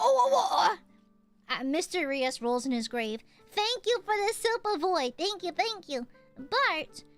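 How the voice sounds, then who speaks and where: Young woman streamer from the US, bright and sharp, animated, teasing, yells at chat. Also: high-pitched. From United States. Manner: playful, bursts into shrieking outbursts at chat. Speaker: VTuber streamer. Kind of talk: casual livestream chat, reading donations.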